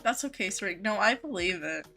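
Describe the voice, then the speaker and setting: A woman game streamer chats casually with her viewers over soft background music, reading their messages aloud with plenty of "um" and "like" and easy laughter. Her medium-pitched voice is expressive, creaky, pushed and bright, and she talks at a moderate pace.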